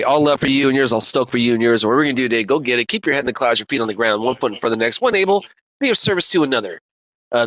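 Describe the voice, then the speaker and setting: A man's voice: mid-range voice, fairly bright tone, low-quality recording. A man streaming a racing game, talking in a laid-back, slangy and profane way and calling everyone dude and man. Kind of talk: casual live-stream chat.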